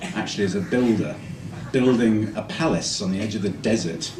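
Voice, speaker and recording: A musician recalling a quiet moment in a soft, reflective way before introducing a song. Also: male voice, lowish voice, moderate pace, background noise. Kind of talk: reflective stage storytelling. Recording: roomy, distant stage mic with music.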